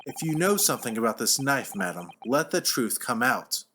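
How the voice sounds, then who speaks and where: A man's voice: mid-range voice, big pitch swings, normal speed, sharp tone, a little hiss or hum. A man voicing a cold, haughty aristocratic prosecutor, disdainful in tone, as he reads game dialogue aloud.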